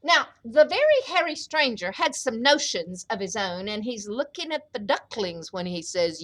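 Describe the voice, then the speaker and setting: A woman librarian reading a picture book aloud to children at storytime, expressive and animated. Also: a little high, moderate pace, few pauses.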